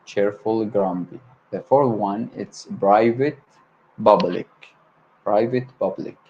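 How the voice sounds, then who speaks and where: On his livestream, a language learner whose native tongue is Arabic drills English words alone, repeating them again and again and catching his own slips. He speaks slowly in a low voice, and the muffled recording carries a faint background hiss.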